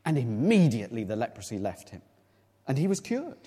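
A man's voice: medium pitch, very animated, brisk, dark tone, breathy edge, big-room sound. A man preaching a sermon, explaining a Bible passage in a conversational way with rhetorical questions to the congregation.

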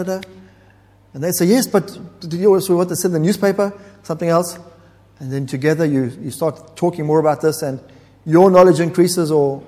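A man's voice: on the high side, warm tone. Man preaching in a reverberant hall. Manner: earnest, explanatory, with hesitant restarts. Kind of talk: sermon.

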